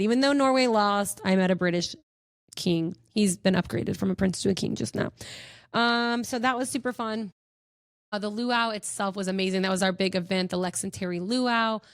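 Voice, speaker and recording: A woman's voice: mid-range voice, smooth, no room sound, studio quality. A young woman hosting a podcast, telling stories in a bubbly, gushing way with lots of giggles. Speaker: podcast host. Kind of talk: casual chat.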